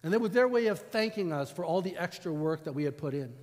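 Male pastor, storytelling sermon, higher-pitched voice, long church reverb. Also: lively intonation, fast, a little mellow. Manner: storytelling, conversational.

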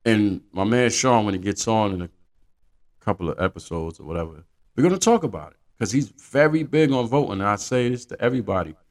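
Gravelly low-voiced man ranting casually. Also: fairly quick. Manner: profane, animated storytelling. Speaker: podcast host. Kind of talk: casual monologue.

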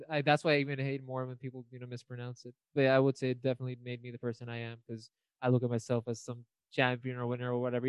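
A man's voice: medium pitch, smooth, no room sound, highs cut off. A young man co-hosting a podcast, chatting casually and rambling with lots of fillers. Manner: rambling, filler-heavy, laughs often. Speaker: podcast co-host. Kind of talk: casual chat.

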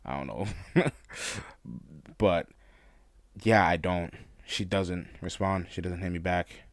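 A young man with a very low voice tells a personal story in a loose, candid way, laughing often and stumbling into restarts. The sound is dry and close, with no room around it. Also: takes it slowly, no room sound. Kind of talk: casual storytelling monologue.

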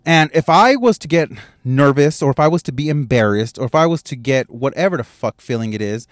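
A man's voice: mid-range voice, animated, a little fast, dry recording, clean studio sound. A man hosting a casual solo podcast, recorded in his parked car at a gas station with a handheld microphone, talking in a profane, rambling storytelling way. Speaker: podcast host. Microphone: handheld microphone, wearing headphones.

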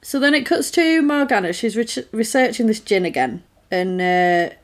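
A woman's voice: a little high, lively intonation, normal speed. A woman recapping a TV episode in casual chat, laughing often and acting out the characters' lines.

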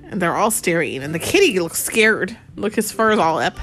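A woman reading a picture book aloud to a child at home, slowing down for the story lines and chatting about the pictures in between. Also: medium pitch, soft background music. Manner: animated, slows down for the read-out lines and chats about the pictures.

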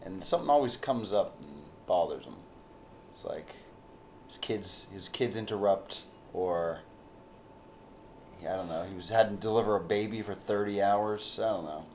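A man's voice: on the low side, normal speed, darkish tone, a little hiss or hum. A man co-hosting a podcast, bantering crudely and rambling with many restarts. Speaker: podcast co-host. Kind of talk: casual banter.

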